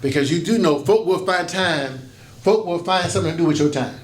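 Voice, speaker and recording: Animated and brisk, this pastor in his fifties uses a fairly high voice as he delivers a folksy conference workshop talk full of stories and acted-out quoted voices. It's recorded in an echoey breakout room with faint background noise.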